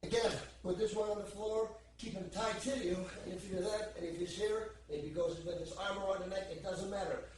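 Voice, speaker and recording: Grappling instructor, male, highish voice, counts moves aloud, recorded from across a reverberant training room. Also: fairly even intonation, brisk, hardly any pauses, a little mellow, a little hiss or hum. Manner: counts moves aloud while demonstrating holds. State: strained under pressure at times. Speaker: martial arts instructor. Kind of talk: instructional demonstration. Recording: echoey room, distant mic, faint background.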